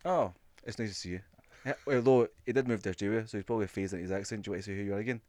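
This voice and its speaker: A man's voice: on the low side, racing, darkish tone, no echo. A Scottish man co-hosting a podcast, joking crudely, swearing freely and laughing often. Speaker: podcast co-host. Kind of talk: casual crude banter.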